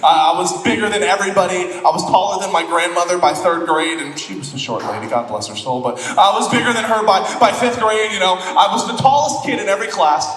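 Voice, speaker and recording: A man's voice: high voice, a little fast, few pauses, fairly bright tone, reverberant, long reverb tail, recorded from a distance, low-quality recording. A man from Florida preaching a sermon as pastor, joking and self-deprecating as he tells stories. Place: church auditorium.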